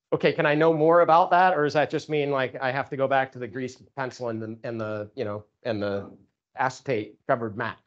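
This man speaks at a fairly high pitch, and the recording has its highs cut off. He lectures informally on electronic warfare in a lecture room, talking casually, leaning on fillers, and restarting to correct himself.

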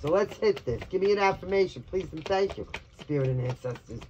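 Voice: mid-range voice, lively intonation, fairly quick, darkish tone, muffled recording, a little hiss or hum. A tarot reader from Brooklyn giving a casual reading, blunt and chatty, swearing freely. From New York, Brooklyn.

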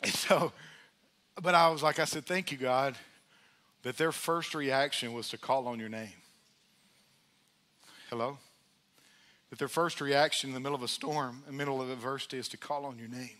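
A man preaching a sermon in church, conversational and energetic, calling out to the congregation. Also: medium pitch, moderate pace, long pauses. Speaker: pastor. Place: church sanctuary.

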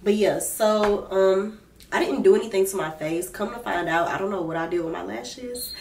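A young mother and lifestyle vlogger chats casually with viewers from her bedroom while sick and achy, calling them "y'all" constantly. Her mid-range voice is gravelly and a little mellow, at a moderate pace.

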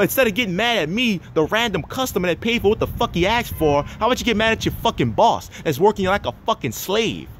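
A man's voice: high-pitched, slight background noise. A man delivering a heated, profanity-filled rant to the camera, swearing constantly and repeating himself. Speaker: vlogger.

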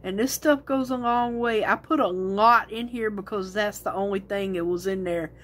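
A woman's voice: medium pitch, moderate pace. A woman talking casually to her viewers while she makes resin crafts, thinking aloud and rambling as she works.

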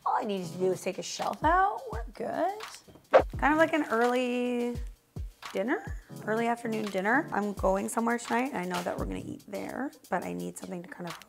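Chatty woman with a gravelly edge. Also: on the high side, lively intonation, brisk, over music. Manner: chatty, lots of "like" fillers. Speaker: vlogger. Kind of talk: casual cooking vlog.

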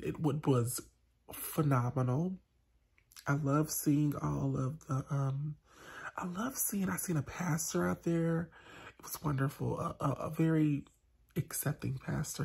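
A woman's voice: deep voice, vocal fry, a little mellow, breathy edge. A woman, chatting sassily to her viewers in a casual vlog recap, now and then dropping into a whisper. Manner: sassy and chatty, with asides to the viewers. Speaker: vlogger.

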